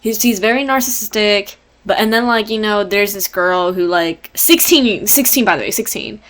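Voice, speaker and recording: A woman's voice: medium pitch, normal speed, fairly bright tone. A young woman giving a casual book report presentation. She rambles, leans heavily on fillers and breaks off for jokey asides. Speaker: student presenter.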